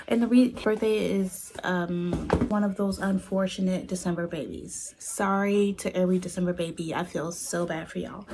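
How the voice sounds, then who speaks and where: A young woman talks casually into her phone's front camera and teases herself as she goes. Her voice sits in a middle range and now and then drops to a near whisper. A steady background noise runs under the home recording. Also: mid-range voice, gravelly. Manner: chatty and self-teasing, drifting to hushed tones. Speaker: vlogger.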